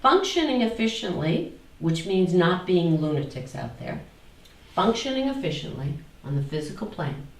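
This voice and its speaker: A woman's voice: lowish voice, very animated, normal speed, roomy sound, far from the mic, poor audio. A woman teaching a spiritual talk to a small group, asking them questions and repeating phrases in a singsong.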